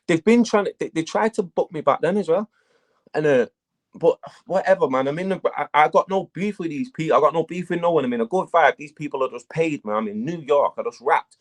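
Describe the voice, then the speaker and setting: A man, a battle rap guest talking casually in an interview, telling animated stories and swearing a lot. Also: on the high side, fairly quick. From England. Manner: animated storytelling, heavy swearing.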